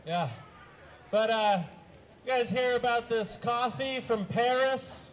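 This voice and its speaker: A young man with a high voice works through a stand-up set in a flat, deadpan way. He stumbles over his words, fills gaps with uhs and clears his throat now and then. He performs on a small stage before a live audience. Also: takes it slowly, slight background noise, low-quality recording. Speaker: stand-up comedian.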